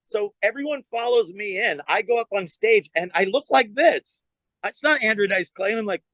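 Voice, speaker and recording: A man's voice: high-pitched, moderate pace, no room sound. A male comedian telling stories in casual chat, acting out other people's voices as he goes. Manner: animated, acts out voices in his stories. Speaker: stand-up comedian guest. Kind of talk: casual storytelling.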